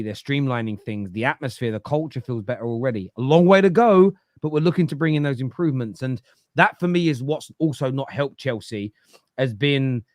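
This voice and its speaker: A man's voice: on the high side, no echo, clean studio sound. A man debating football on a fan podcast, opinionated, reading out viewer comments and rebutting them. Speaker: football podcast panelist, fan of his club.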